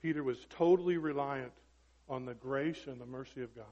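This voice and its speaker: A man preaching a sermon emphatically, peppering it with rhetorical questions and swinging from loud to hushed. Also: mid-range voice, brisk. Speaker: pastor. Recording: dull lo-fi recording with long hall reverb.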